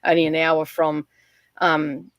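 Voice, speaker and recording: A chatty middle-aged woman with an Australian accent, talking in a rambling, easygoing way and laughing often. Her voice sits a little low, and the sound is dry and close. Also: completely flat delivery, slow, no echo, highs cut off. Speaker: livestream guest. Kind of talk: casual chat.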